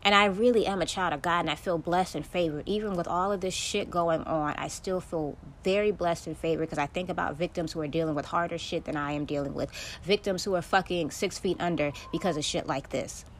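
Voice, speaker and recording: Podcast host, woman, lower voice, swearing and venting hard, faint hiss behind. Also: a little fast. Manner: profane, venting, emphatic. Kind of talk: solo podcast monologue.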